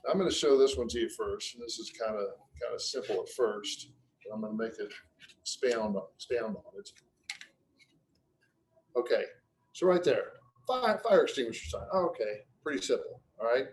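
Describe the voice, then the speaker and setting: Male presenter, mid-pitched, loose and anecdotal, restarts his phrases, webinar mic. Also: expressive, moderate pace, slight background noise, low-quality recording. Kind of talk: casual business webinar talk.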